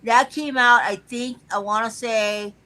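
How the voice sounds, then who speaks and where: A woman's voice: a little high, fairly even intonation, measured pace, pushed and bright. A woman in her forties co-hosting a casual late-night stream chat, talking about films and music. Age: 40s. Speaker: co-host.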